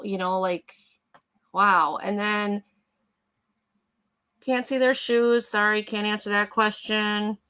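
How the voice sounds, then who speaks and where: A woman's voice: mid-range voice, pushed and bright. A middle-aged woman hosting a live vintage photo sale, chatting casually as she describes each item. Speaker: host selling vintage photos.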